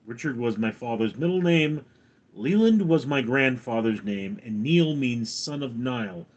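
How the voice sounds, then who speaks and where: Brief: a slow, deadpan male streamer with a lively pitch, answering his chat from home. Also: lo-fi sound. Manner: dry, deadpan, reading chat names aloud. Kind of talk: casual live-stream chat.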